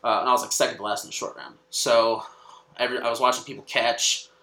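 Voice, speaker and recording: A man's voice: mid-range voice, steady tone, fast, bright, forceful tone, reverberant, low-quality recording. A young man, a comedian guest, telling a story casually, swearing often and restarting his sentences. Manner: swears a lot, many restarts.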